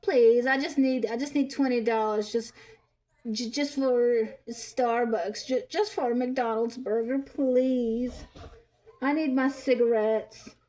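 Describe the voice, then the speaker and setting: A woman's voice: fairly high pitch, steady tone, slow pace, warm tone. A woman putting on the voice of a grown woman pleading with her children for money, whiny and repetitive. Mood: begging, whiny.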